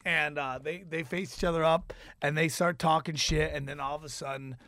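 A man's voice: a little high, steady tone, fairly quick, bright, forceful tone, dry recording. A man hosting a podcast in casual chat, loose and profane, with a wry, offhand way of telling things. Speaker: podcast host.

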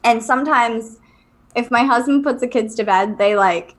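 A woman co-hosting a casual talk show tells stories with animated energy, jumping into the voices of the people she quotes. Her voice sits a little high for a woman. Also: normal speed. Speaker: medium, podcast co-host. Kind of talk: casual chat.

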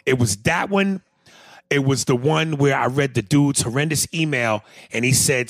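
Boisterous, profane man with a lively voice. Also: fairly high pitch, gravelly, dry recording. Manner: profane, boisterous, laughs a lot. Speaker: podcast co-host. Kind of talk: casual chat.

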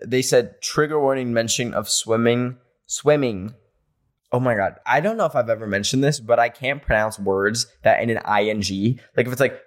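Guy hosting a chatty podcast, reading fan stories out loud, jokey and animated, medium voice. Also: medium pitch. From rural area. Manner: playful, animated reactions with laughter. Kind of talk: casual podcast chat.

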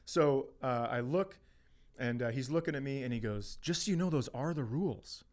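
A man's voice: medium pitch, moderate pace, a little mellow. A middle-aged man on a podcast, telling a story with plenty of swearing and acted-out quotes. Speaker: podcast co-host. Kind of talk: casual storytelling chat.

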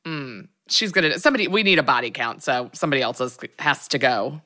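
A woman's voice: a bass voice, lively intonation, fast talker, bright, forceful tone. A woman co-hosting a podcast, reacting briefly and guessing with a laugh in casual chat. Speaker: podcast co-host.

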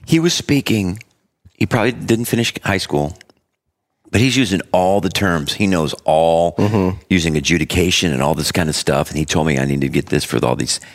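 A man in casual chat, telling stories with frequent laughter and quick impressions of the people he describes. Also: low voice. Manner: storytelling, laughs often, imitates people he quotes.

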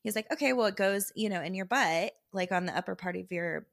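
A young woman, co-hosting a podcast and telling a story in casual chat, quoting people in lively voices and laughing often. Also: mid-range voice, fairly quick, gravelly, no room sound, clean studio sound. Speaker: podcast co-host.

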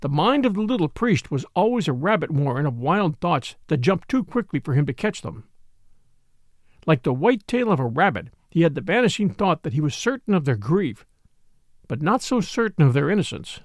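A man narrating a mystery story in a measured, expressive storytelling manner. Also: fairly high pitch, no room sound, studio quality.

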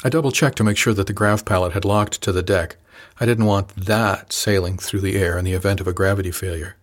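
A man reading a first-person novel aloud in a measured, calm manner. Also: sits low. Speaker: audiobook narrator. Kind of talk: scripted first-person narration.

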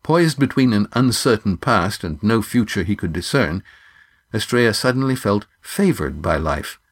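Low-voiced male audiobook narrator. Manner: measured, even reading. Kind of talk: scripted narration.

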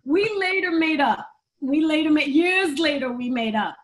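Brief: middle-aged woman guest, high voice, animated storyteller, laughs easily. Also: moderate pace. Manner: animated, laughs between stories. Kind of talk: candid storytelling interview.

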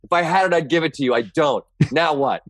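A man's voice: fairly high pitch, fast talker, a bit bright, no echo. A middle-aged male sports broadcaster chatting as a podcast guest, laughing and riffing playfully. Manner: laughing, playful, riffs on the host's stories. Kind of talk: casual chat.

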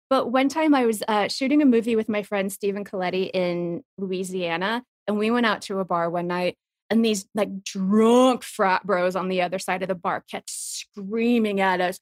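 Woman, 30s, podcast co-host; lively, laughing anecdote-teller who quotes people; dry close sound. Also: mid-range voice, moderate pace, dry recording. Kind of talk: casual chat, telling anecdotes.

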